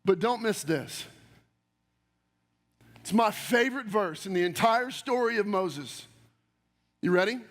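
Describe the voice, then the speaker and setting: High-voiced energetic preacher in an echoing church. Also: male voice, measured pace, long pauses. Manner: energetic, direct, with questions to the congregation. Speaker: pastor. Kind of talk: sermon. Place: church sanctuary. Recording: long hall reverb.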